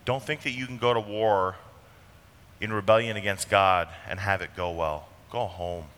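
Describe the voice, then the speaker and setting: A man preaching a sermon with earnest emphasis, slowing down on key phrases. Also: fairly low pitch, fairly even intonation, fairly bright tone. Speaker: pastor. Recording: long reverb of a large hall.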